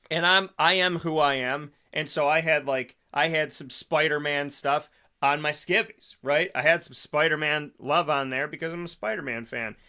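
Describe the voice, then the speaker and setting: A man hosting a radio show, telling a comic story in a lively way and acting out the people in it. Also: fairly high pitch. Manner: animated, acts out quotes in other voices. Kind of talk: comedic storytelling monologue.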